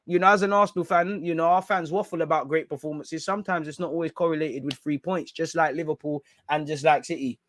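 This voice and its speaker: Young male football fan host, loud and sarcastic, slangy, slightly high voice, dry close sound. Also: fairly even intonation, fast talker, hardly any pauses, no echo. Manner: loud, mocking, slangy, reads quotes aloud sarcastically. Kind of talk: live reaction rant.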